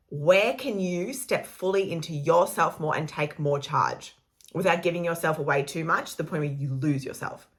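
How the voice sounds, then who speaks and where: Chatty woman, low voice. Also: a bit bright. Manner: chatty, rambling, laughs often, swears casually. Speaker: astrology vlogger. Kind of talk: casual spiritual vlog talk.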